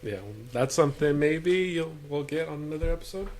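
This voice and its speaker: A man's voice: a little high, fairly even intonation, a little fast, a little mellow. A man hosting a podcast in casual chat, upbeat as he wraps up the show. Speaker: podcast host. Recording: clear background noise.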